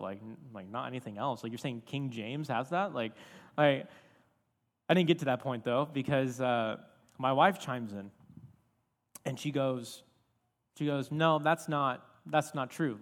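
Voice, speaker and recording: Chatty young man preaching in a hall. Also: medium pitch. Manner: animated, chatty with many fillers. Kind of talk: storytelling sermon. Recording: reverberant hall.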